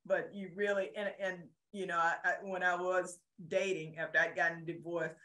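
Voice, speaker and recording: Bright-toned woman talk show host. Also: on the low side, flat delivery, normal speed. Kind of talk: casual interview chat.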